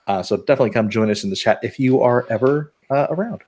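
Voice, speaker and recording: A man's voice: medium pitch, quick pace, a little mellow. A man from the US West Coast hosting a casual live-streamed podcast, rambling and restarting his sentences. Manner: rambling, repeats words and restarts. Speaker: podcast host.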